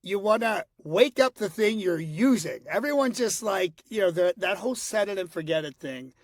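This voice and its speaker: A man's voice: high voice, dry recording, clean studio sound. A middle-aged man from Philadelphia with a nasal Northeast accent, chatting animatedly in an interview, with lots of restarts. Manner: animated, slips into quick voices and quotes, many restarts. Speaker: guest, voice impressionist. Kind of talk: casual interview talk.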